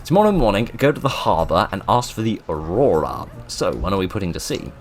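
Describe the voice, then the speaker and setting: A man's voice: low-pitched, sing-song, a little fast. A man voicing a drunk, pompous male ship captain who snaps and barks at people in a video game. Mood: boisterous. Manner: loud, haughty, snapping.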